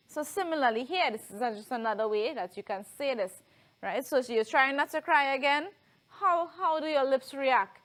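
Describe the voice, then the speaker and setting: A woman's voice: high-pitched, moderate pace, fairly bright tone. A woman with a Trinidadian accent teaching a televised lesson, explaining step by step and often checking in with "right?".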